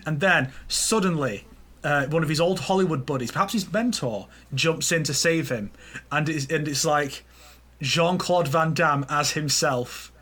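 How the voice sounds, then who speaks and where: Male podcast co-host, bright and somewhat high voice, rambling and playful, faint hiss behind. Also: unhurried. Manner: rambling, acts out silly movie scenes in goofy voices. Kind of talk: casual gaming podcast chat.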